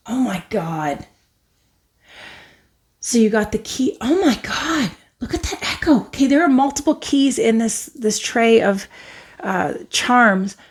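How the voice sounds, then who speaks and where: A woman from Canada giving an excitable, emotional tarot pick-a-card reading. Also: on the high side, slightly rough. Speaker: tarot reader.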